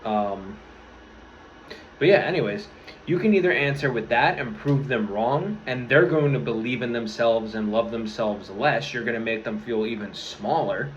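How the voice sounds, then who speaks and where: A man's voice: medium pitch, normal speed, a little hiss or hum. Earnest swearing young man, lo-fi. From New York area. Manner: earnest, rambling, swears freely, restarts often. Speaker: vlogger. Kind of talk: casual motivational talk to camera. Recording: slightly dull lo-fi audio with faint room ambience.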